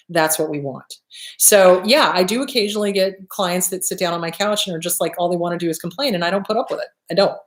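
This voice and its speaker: A woman's voice: fairly low pitch, fast talker. Brief: woman therapist-host, blunt and emphatic, salty language, roomy echo. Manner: blunt, emphatic, swears freely, acts out quoted voices. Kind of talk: blunt advice talk. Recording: echoey room.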